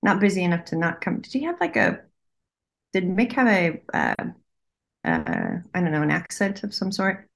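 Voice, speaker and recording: A woman passes on messages as a medium in a relaxed conversation. She speaks in her everyday voice, hesitant, often breaking off mid-thought to listen before going on. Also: fairly low pitch, moderate pace, gravelly. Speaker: psychic medium. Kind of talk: casual conversation.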